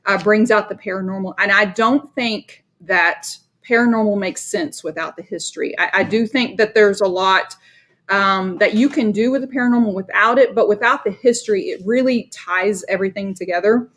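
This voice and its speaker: A woman's voice: mid-range voice, normal speed, fairly bright tone. A woman from Dallas with a Texan accent, hosting a podcast and chatting with enthusiasm and easy laughter. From Dallas, Texas. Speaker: podcast host. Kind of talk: casual interview chat.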